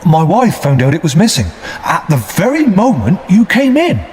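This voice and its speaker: A kind, plain-spoken blacksmith, voiced by a man reading a storybook aloud, calm and gentle. His words ring out in a long hall reverb. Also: high voice, moderate pace, a little hiss or hum, voice pushed up.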